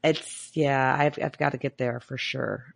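A woman's voice: a bass voice, steady tone, measured pace, gravelly. A woman with a Michigan accent co-hosting a podcast, chatty and self-deprecating in casual talk. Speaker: podcast co-host. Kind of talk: casual chat.

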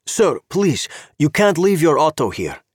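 A man's voice: fairly high pitch, very animated, husky, dry recording, studio quality, voice pushed up, heavily acted. Man putting on a polite, insistent policeman. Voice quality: halting broken English. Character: Czech male policeman, polite but insistent.

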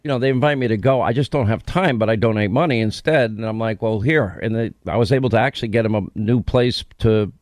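A man's voice: on the low side, fast, hardly any pauses, darkish tone, dry recording, clean studio sound. A man hosting a casual talk show, teasing his co-host and pushing her with questions. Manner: teasing, pushy, eager. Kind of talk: casual on-air chat.

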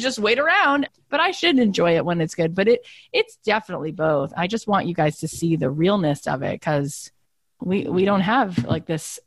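Animated woman, dry close sound. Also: no echo. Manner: animated storyteller who acts out quotes in a higher voice. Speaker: co-host. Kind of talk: casual chat.

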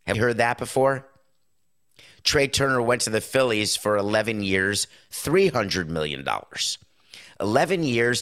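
A middle-aged man hosting a sports talk show, giving an opinionated monologue with sarcastic, punchy stresses. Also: mid-range voice. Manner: emphatic, sarcastic, punchy with sudden loud stresses.

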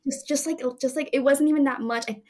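A woman's voice: high-pitched, steady tone, fast, warm tone. Chatty young woman telling stories. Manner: chatty storytelling with frequent laughs and fillers. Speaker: actress guest. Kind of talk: casual interview chat.

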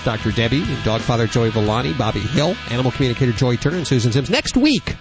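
A man's voice: medium pitch, rapid-fire, soft background music. A man hosting a casual radio talk show with callers, in a jokey, playful manner.

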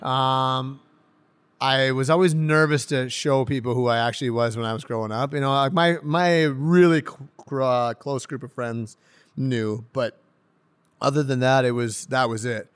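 Excitable, laughing young man, smooth voice. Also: mid-range voice, normal speed, no echo. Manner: excitable, laughs often, rambling with restarts. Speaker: pro hockey player guest. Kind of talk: casual interview chat.

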